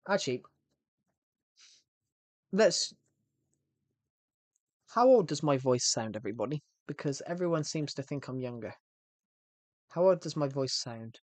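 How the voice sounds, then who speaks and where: A man's voice: mid-range voice, animated, measured pace, pauses often, darkish tone, dry recording. A man chatting casually on a game livestream in a rambling, self-correcting way. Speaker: game streamer.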